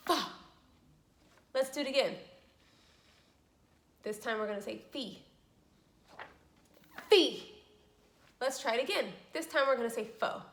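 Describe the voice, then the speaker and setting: A woman giving a children's speech lesson as a speech therapist, talking slowly with exaggerated, encouraging teacher delivery. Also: sits high, sharp tone, echoey room, a little hiss or hum.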